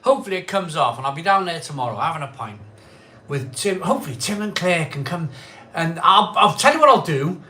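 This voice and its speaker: A man's voice: on the high side, expressive, fairly quick. Rambling, tipsy man on a live stream. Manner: chatty, rambling, repeats himself, loud cheery greetings. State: tipsy from a pint or two. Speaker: host of a live craft beer stream. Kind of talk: casual live-stream chat.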